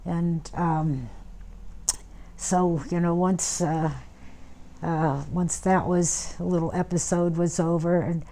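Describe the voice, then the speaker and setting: Elderly woman, low flat mellow voice. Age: 90s. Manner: unhurried reminiscing with many fillers and restarts. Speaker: war veteran interviewee. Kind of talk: oral history interview.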